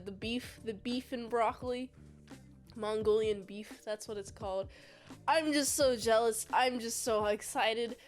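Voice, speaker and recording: A woman reviewing a movie in a casual, rambling, jokey recap with self-deprecating asides. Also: a little high.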